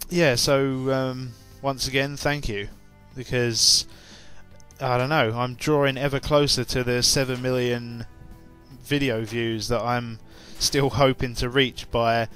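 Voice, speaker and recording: A man's voice: medium pitch, fairly even intonation, slow pace, fairly bright tone, smooth, faint music behind. Rambling, chatty young Englishman. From England. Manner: rambling, chatty, many fillers and restarts. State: just woken up and tired, with hiccups. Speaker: YouTuber. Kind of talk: casual chat to camera.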